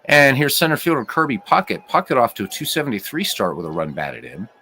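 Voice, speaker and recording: A man calling play-by-play for a computer baseball game, chatting with viewers between pitches and with wry asides. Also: fast talker, husky. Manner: lively, rising to shouts on big plays, wry asides. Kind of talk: solo play-by-play commentary with live chat.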